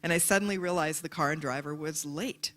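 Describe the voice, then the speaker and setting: A woman's voice: deep voice, a little fast. A woman giving a motivational talk to a live audience, telling stories and acting out the voices of people in them. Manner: animated storyteller, acts out voices in quotes. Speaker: speaker.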